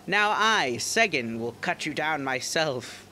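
A man's voice: a little high, big pitch swings, slow, bright, forceful tone, a little hiss or hum, heavily acted. A man voicing an angry, vengeful male fish-folk soldier, reading game dialogue aloud in an accusing, declaiming way.

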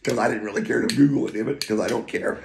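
A man's voice: mid-range voice, steady tone, rapid-fire, creaky, a little hiss or hum. A middle-aged man rambling in a casual monologue, profane and emotional, with muttered asides and wry laughs. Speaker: poet and vlogger.

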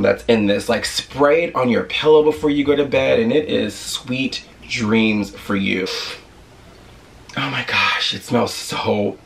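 A man's voice: medium pitch, vocal fry, recorded from a distance. A man talking through a shopping haul in a casual vlog, gushing and rambling with enthusiasm. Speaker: vlogger.

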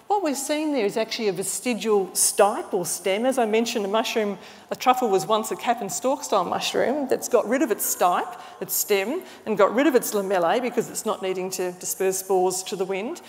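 A woman giving an enthusiastic, explanatory illustrated lecture, restarting phrases now and then. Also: mid-range voice. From Australia. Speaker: mycologist giving a talk. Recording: long hall reverb.

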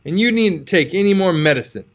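A man's voice: high voice, expressive, brisk, voice pushed up. A man putting on a scolding old aunt. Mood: softened. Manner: exclaiming, reproachful questions. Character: stern old aunt, scolding then softening. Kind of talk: storybook reading.

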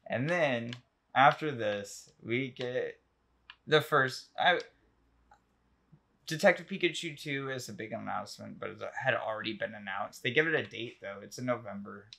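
Gravelly, rambling man gushing about games. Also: medium pitch, normal speed. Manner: excited, rambling with many ums and likes. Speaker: podcast host. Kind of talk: casual chat.

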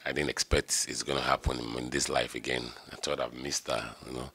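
A man's voice: rumbling low, level tone, a little fast, vocal fry, pushed and bright, slightly rough, dry recording. A middle-aged man, the groom, speaking heartfelt and rambling about his bride in a wedding interview. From Nigeria. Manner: heartfelt, rambling with repeated "you know".

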